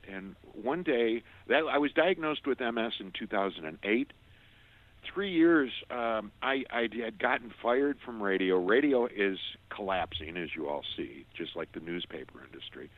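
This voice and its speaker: An older man, a former radio host, earnestly telling his personal story as an interview guest, halting often and restarting his sentences. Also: on the low side. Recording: tinny phone-like line.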